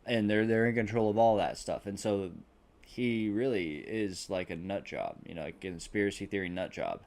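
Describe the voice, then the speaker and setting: A man's voice: on the low side, normal speed, a little mellow. A man on a podcast rambling through a film plot, swearing freely and acting out the characters' lines. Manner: rambling, swears a lot, acts out quotes. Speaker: podcast host. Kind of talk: casual movie recap.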